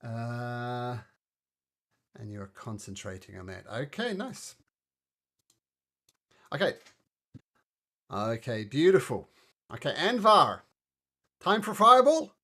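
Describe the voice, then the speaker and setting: Lively game master running a tabletop session. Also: male voice, mid-range voice. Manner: cheerful, chatty, bursts of excitement.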